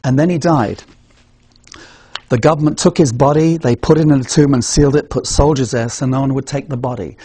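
A man's voice: medium pitch, fairly even intonation, brisk, dark tone, husky, no room sound. An English man demonstrating a gospel presentation, earnest, asking rhetorical questions and answering them himself. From England. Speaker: evangelism trainer.

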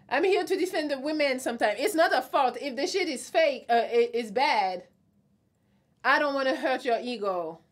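A woman's voice: sits high, expressive, measured pace, pauses often. A young adult woman hosting a casual live stream, reading out viewer comments and answering them bluntly with a teasing tone. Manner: blunt, teasing, laughs often.

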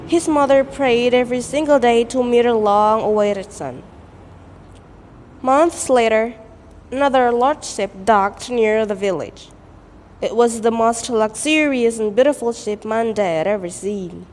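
Student girl telling a folk legend in american-style english, slow and clear, echoey hall. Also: a little high, darkish tone. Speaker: student storyteller. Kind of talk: folktale storytelling performance. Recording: echoey hall, faint noise.

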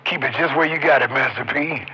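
A man's voice: mid-range voice, a little fast, breathy edge. A man chatting and joking with fellow truckers over CB radio, teasing them and laughing often. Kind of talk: casual CB radio chat. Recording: muffled CB radio with loud static.

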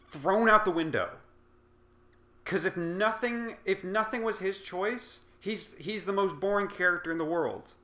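A man's voice: high-pitched, bright, forceful tone, reverberant. A man giving casual game commentary, rambling and sarcastic, working himself up into impassioned opinions. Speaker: let's play commentator.

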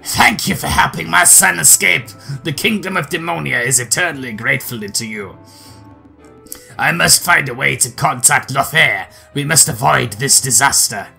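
A man's voice: medium pitch, moderate pace, creaky, sharp tone, faint music behind, pitched below the performer's own voice, heavily acted. A man voicing a regal, worried male demon king over a video game. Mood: grave.

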